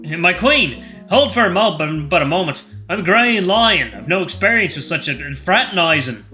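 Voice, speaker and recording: A man voicing a loud, bumbling male lion royal guard with a put-on accent and old-fashioned speech. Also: high voice, lively intonation, normal speed, soft background music, pitched above the performer's own voice. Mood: blustering.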